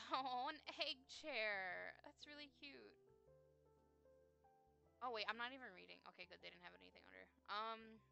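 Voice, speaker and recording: A woman casually commenting on a video game, excitable and apologetic, reading the on-screen text aloud. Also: a little high, gravelly. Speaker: let's play gamer.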